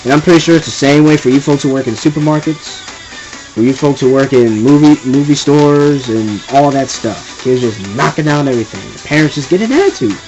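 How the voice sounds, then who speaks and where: An exasperated young man delivers a casual rant, wandering off track and circling back to his point. His voice sits at an ordinary middle pitch. Faint music plays underneath. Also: animated, brisk, a little mellow, poor audio. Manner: exasperated, rambling, repeats himself. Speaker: vlogger ranting.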